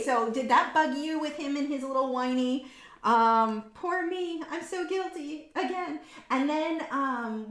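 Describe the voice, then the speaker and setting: Painting live for her stream, a woman artist chats with candor and strong opinions, wandering off on tangents with plenty of ums and likes. Her voice is on the high side with a fairly bright tone, captured in a room with noticeable echo.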